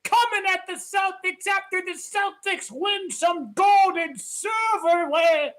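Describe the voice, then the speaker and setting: A woman ranting about basketball as a sports vlogger, loud and excitable, often shouting and repeating herself. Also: extremely high pitch, slow pace.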